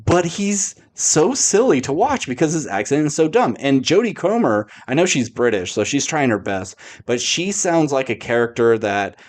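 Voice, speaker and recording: A man's voice: mid-range voice, big pitch swings, moderate pace, few pauses. A man hosts a casual podcast and reviews movies bluntly. He rambles and restarts his sentences often. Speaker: podcast host.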